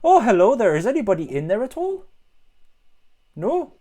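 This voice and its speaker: A man's voice: high voice, huge pitch swings, normal speed, dark tone, pitched above the performer's own voice, heavily acted. A man voicing a friendly, easygoing male spirit moose with a put-on Irish accent, chatty and stammering. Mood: cheery. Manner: chatty, stammering repeats, reassuring.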